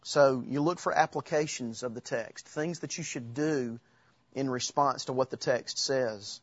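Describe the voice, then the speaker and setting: A man's voice: medium pitch, breathy edge, dry recording, dull audio. A man giving an informal church teaching talk, quoting Bible verses from memory with frequent halts and restarts. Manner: halting, restarts while quoting Scripture from memory.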